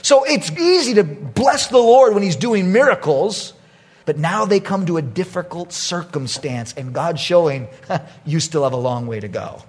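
A male pastor preaching a sermon. He tells his story with animated energy, jumping from loud bursts to hushed asides. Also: on the high side, moderate pace, breathy edge.

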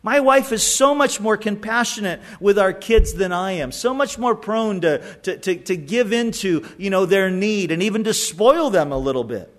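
A man's voice: sits high, animated, normal speed, few pauses. A middle-aged male pastor preaching a sermon in a conversational way, often repeating words as he goes. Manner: conversational, stumbling repetitions.

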